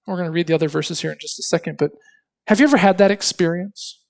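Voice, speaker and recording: A man's voice: high voice, fast talker, gravelly. A male preacher giving an expository sermon, asking rhetorical questions and reading scripture with dramatic emphasis.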